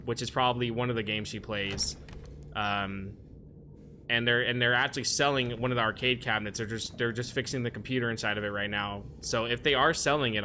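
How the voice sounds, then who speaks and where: A man streaming a video game, chatting casually with his viewers and now and then yelling at the game. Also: medium pitch, slight background noise. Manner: yells at the game in frustration, then chats with viewers. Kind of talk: casual gaming stream chat.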